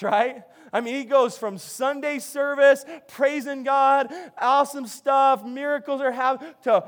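A man with a notably high voice preaches to his congregation. He tells stories in an animated way, often restarting his phrases as he builds toward his point. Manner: animated storytelling with many restarts. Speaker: pastor. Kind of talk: sermon.

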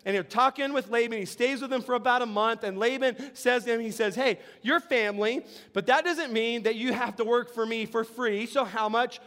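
A man's voice: very high-pitched, moderate pace, few pauses, fairly bright tone. A man preaching a sermon in a conversational way, often laughing and asking the congregation questions. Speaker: pastor.

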